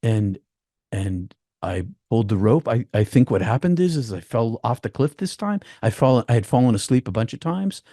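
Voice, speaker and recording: A man telling a personal story as a podcast guest, halting and repeating words as he goes. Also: mid-range voice, sing-song, warm tone, dry recording, studio quality.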